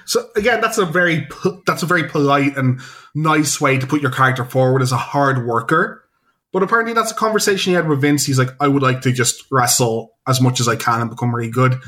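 A man co-hosting a casual podcast chat, talking in an enthusiastic, rambling way with quick asides. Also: medium pitch, pushed and bright. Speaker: podcast co-host.

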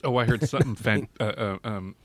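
A man's voice: lowish voice, brisk, dry recording. A man co-hosting a podcast, teasing and playful in casual chat. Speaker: podcast co-host.

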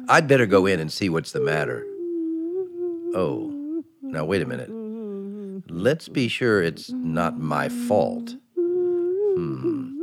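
A jumpy, bumbling husband. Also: male voice, low-pitched, heavily acted. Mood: puzzled. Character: fretful middle-class husband, jumpy and bumbling. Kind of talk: 1940s radio acting.

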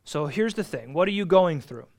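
A man teaching an adult Bible class, earnest and emphatic, repeating key phrases and swinging between loud stresses and soft asides. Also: a little high, lively intonation, normal speed, creaky.

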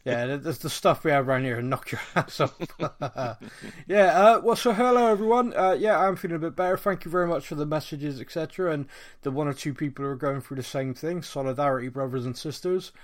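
A man's voice: on the high side, animated, a little fast. Jokey man hosting a podcast. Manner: jokey, self-mocking, laughs often. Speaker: podcast host. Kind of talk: casual chat.

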